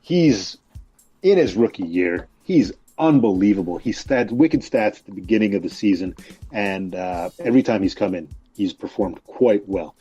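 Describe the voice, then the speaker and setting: A man's voice: fairly low pitch, lively intonation, normal speed, warm tone, breathy edge. A man co-hosting a casual podcast, giving earnest opinions with hesitant fillers. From Canada. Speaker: podcast co-host. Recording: dull lo-fi audio with faint music.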